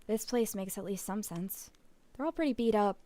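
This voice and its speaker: A woman's voice: mid-range voice, normal speed, natural voice. A woman reading a grumbling, sarcastic young heroine. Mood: weary sarcastic. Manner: dry, grumbling and quiet. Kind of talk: reading game dialogue aloud.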